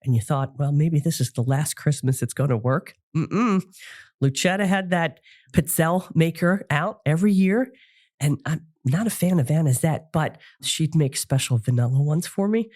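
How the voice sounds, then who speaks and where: A woman's voice: low voice, moderate pace, darkish tone. Chatty middle-aged woman podcast host. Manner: chatty, laughs often, frequent fillers. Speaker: podcast host and psychic medium. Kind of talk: casual solo podcast talk.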